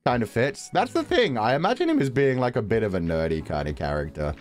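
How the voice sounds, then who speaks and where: A man's voice: mid-range voice, sing-song, faint music behind. A young adult man streaming a game, chatting casually, joking around and laughing often. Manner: joking, rambling, quick to laugh.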